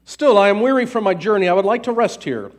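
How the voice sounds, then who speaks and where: A man voicing a wise old male traveler who speaks slowly and calmly in a storybook reading. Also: sits high, voice pushed up.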